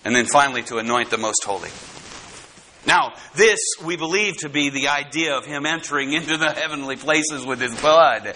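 A man preaching a sermon to his congregation, dramatic, swinging from loud emphasis to hushed tones. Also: fairly high pitch, lively intonation, moderate pace, slight background noise, low-quality recording. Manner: speaks straight to the congregation.

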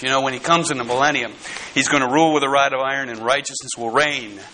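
A man preaching a sermon to his congregation, dramatic, swinging from loud emphasis to hushed tones. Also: mid-range voice, steady tone, fast talker, slight background noise, rough recording. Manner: speaks straight to the congregation.

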